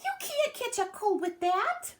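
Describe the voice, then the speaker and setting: A woman voicing a cheerful, playful young male squirrel in a storybook read-aloud, very high and teasing. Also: very animated, a little slow, full character voice.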